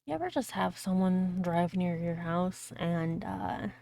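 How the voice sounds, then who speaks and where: A woman's voice: on the low side, animated, a little slow, gravelly, mellow. A woman streamer reading a fairy tale aloud on a live stream, breaking off for crude, joking asides to her chat. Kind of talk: casual live-stream storytelling.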